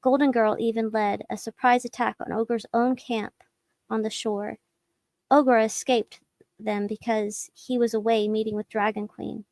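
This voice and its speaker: A woman with a fairly high voice reads a storybook aloud for a podcast. She has a playful, good-humored manner. The sound is dry and close, with no room echo. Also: level tone, a little slow, darkish tone. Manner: playful, laughing between lines. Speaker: podcast co-host.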